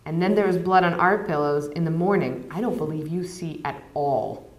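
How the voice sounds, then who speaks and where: A woman doing a jittery, evasive village man from a spoken storybook, low and hushed and slowed down. The voice rings in an echoey hall. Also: lightly acted. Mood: agitated. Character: nervous middle-aged male villager, evasive.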